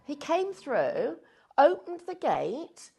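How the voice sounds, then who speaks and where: Lady telling a story on a shopping show, gravelly, voice jumps all over. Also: high-pitched, slow pace. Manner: animated, laughs through the story. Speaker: shopping channel presenter. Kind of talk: casual storytelling chat.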